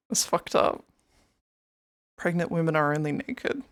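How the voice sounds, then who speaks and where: A woman's voice: lowish voice, lively intonation, slow. A young woman live-streaming in casual chat, rambling and greeting her viewers by name over a headset mic.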